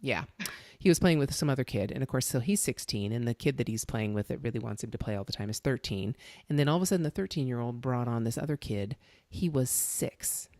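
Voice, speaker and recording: Middle-aged lady host, chatty storyteller, gets animated, dead dry mic. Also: a bass voice, fairly quick, dry recording. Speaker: podcast host. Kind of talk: casual interview chat.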